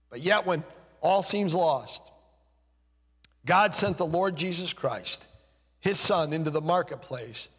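A man preaching a sermon with impassioned delivery, his voice dropping low and soft on key phrases. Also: husky, in a large hall.

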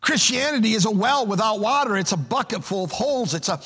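Husky high-voiced preacher in a hall. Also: male voice, expressive, fairly quick, fairly bright tone. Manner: emphatic preaching, repeats words at starts of phrases. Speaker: pastor. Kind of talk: sermon. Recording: long reverb of a large hall.

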